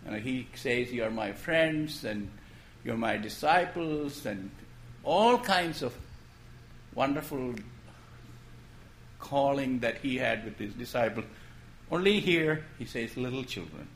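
Slow, expressive male preacher. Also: mid-range voice, slight background noise. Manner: gentle, storytelling preacher with rising questions and soft drops. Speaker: pastor. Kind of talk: sermon.

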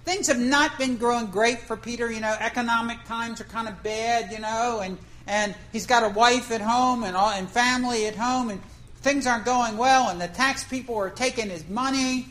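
A woman's voice: on the high side, normal speed, fairly bright tone, low-quality recording. A woman preacher telling a fishing story in a folksy, conversational way, asking the congregation questions. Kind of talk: storytelling sermon.

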